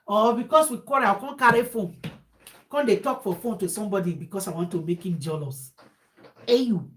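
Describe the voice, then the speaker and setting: A woman's voice: medium pitch, animated, fairly quick, a little hiss or hum. A woman, giving casual relationship advice in an emphatic, repetitive way and slipping into pidgin. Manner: emphatic, repeats phrases, switches into pidgin. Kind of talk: casual monologue.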